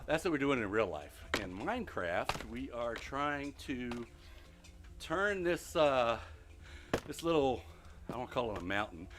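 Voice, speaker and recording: A middle-aged man streaming a building game live while walking on a treadmill, out of breath, muttering counts to himself between loud chatty asides to his viewers. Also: mid-range voice, background noise. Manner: mutters block counts under his breath, then chats loudly to viewers. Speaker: gaming streamer.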